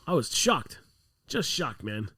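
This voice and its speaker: A Canadian man co-hosting a podcast, telling travel stories in casual, profane, animated chat. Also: medium pitch, slow, breathy edge, no room sound, clean studio sound. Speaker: podcast co-host.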